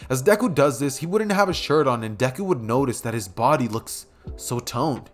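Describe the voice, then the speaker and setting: A man's voice: medium pitch, animated, normal speed. Rambling casual male storyteller. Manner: rambling, self-correcting narration. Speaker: fan story narrator.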